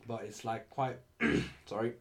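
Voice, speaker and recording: A man's voice: fairly low pitch, expressive, slow, a little hiss or hum. Laid-back young man in casual podcast banter. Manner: jokey, swears freely, slips into mock accents. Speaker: podcast co-host.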